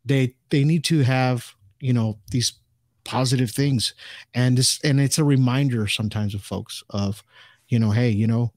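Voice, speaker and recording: A man's voice: mid-range voice, a little slow, no room sound, studio quality. A man in a casual interview, talking in a rambling way with many restarts and fillers. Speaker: podcast guest, ufologist.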